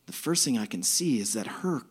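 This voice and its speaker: A man telling a comic story live on stage in an animated, profane way. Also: mid-range voice, brisk, very noisy.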